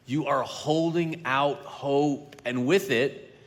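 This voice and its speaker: A male pastor preaching a sermon, slowing down and dropping to a hush for emphasis, then building up louder on key points. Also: medium pitch, steady tone. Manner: dynamic delivery, slowing and dropping quiet for emphasis. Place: large church sanctuary. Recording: long reverb of a large hall.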